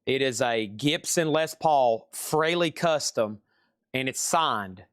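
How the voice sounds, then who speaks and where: A man's voice: medium pitch, expressive, takes it slowly, fairly bright tone, clear, resonant tone, no room sound, studio quality. Southern man running a live record sale. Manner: chatty, repeats prices and buyer names. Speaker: live-stream seller. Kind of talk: live sales stream.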